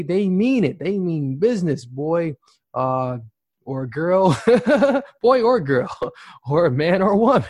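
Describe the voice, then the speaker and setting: A male podcast host giving a loose motivational talk in a voice of middling pitch. He rambles, circles back and leans heavily on fillers and repeated words. His voice is close and dry, with no room sound around it. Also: no echo.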